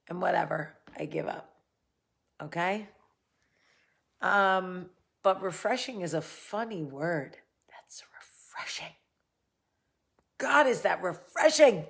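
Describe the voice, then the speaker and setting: A woman's voice: medium pitch, gravelly. A woman with a New Jersey–New York accent hosting a casual talk, a bit tipsy from drinking, rambling with jokey asides as she tells a story. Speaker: host. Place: indoors, seated in a chair.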